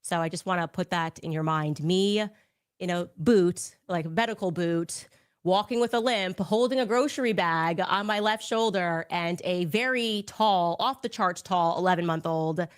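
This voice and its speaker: A woman in her thirties, a podcast host, telling a story in a sarcastic, animated way with laughing asides. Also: lowish voice, moderate pace, clear, resonant tone. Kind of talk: casual storytelling.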